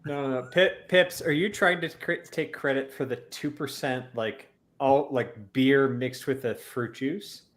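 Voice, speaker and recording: A man's voice: mid-range voice, a little slow, hardly any pauses, a bit bright. A man from Canada co-hosting a casual stream chat, blunt and mock-indignant, swearing freely. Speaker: co-host.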